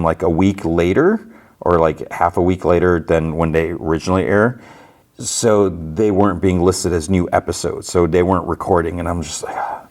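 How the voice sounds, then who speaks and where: Man, low voice, podcast host, casual episode recap, rambling, lots of fillers. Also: darkish tone.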